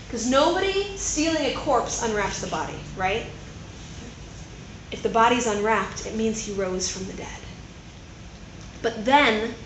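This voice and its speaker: A woman preaches in a chatty, animated way, often checking in with her listeners through quick tag questions. Her voice sits high. It rings in the echo of a large room. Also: a little hiss or hum. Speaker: speaker at a women's gathering. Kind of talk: conversational sermon. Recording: roomy echo.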